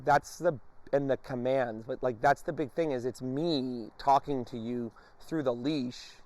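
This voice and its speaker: A man training a dog on a leash, explaining each step calmly and breaking off to praise and give commands to the dog. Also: medium pitch, measured pace. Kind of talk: instructional demonstration.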